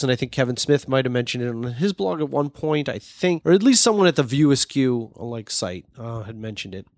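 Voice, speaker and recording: A man's voice: medium pitch, no echo, studio quality. A man, a writer being interviewed, telling stories in a rambling, chatty way and often correcting himself. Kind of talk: casual storytelling interview.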